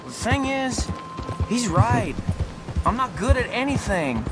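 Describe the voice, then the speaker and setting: A man's voice: extremely high pitch, very animated, slow pace, over loud music, full character voice. An actor playing a troubled young man in a video game, talking in an earnest, hesitant, plaintive way. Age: young adult. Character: troubled young man, timid and self-doubting. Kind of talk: video game cutscene dialogue. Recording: loud game score behind the voice.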